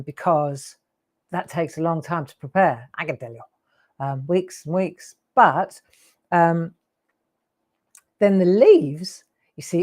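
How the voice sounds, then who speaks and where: A woman's voice: on the low side, darkish tone. Chatty woman in her sixties. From England. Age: 60s. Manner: chatty, rambling, laughing asides. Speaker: craft show host. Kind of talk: live craft demo chat.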